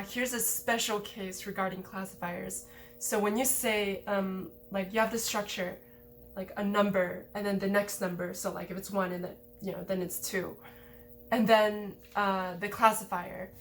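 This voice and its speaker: A woman's voice: medium pitch, a bit bright, a little hiss or hum. A woman giving a casual lesson over slides, explaining in a chatty way with many fillers. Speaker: language teacher.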